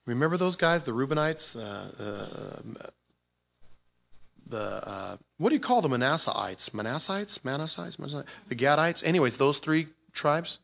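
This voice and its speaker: A man preaching a sermon in an animated, informal way, going from loud exclamations to quiet asides, with repeated words and restarts. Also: a little high, moderate pace, gravelly. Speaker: pastor.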